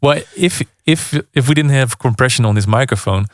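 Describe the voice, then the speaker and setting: A man's voice: medium pitch, a little fast, no room sound, studio quality. A man hosting a radio show, interviewing a guest in a friendly, casual way with frequent agreeing remarks.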